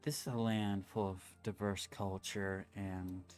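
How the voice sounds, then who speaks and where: A man running a tabletop game as dungeon master, talking slowly with many fillers and pauses. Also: sits low, little pitch movement, darkish tone, faint music behind. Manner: slow, halting, with fillers. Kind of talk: casual chat and game narration.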